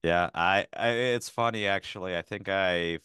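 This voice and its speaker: A man in his forties, originally from Ukraine, speaks as a podcast guest. His voice sits extremely low and the recording is dry and close. He tells his stories casually, often restarting his sentences. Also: moderate pace, pushed and bright, smooth, dry recording. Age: 40s. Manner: storytelling with frequent restarts. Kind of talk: casual interview conversation.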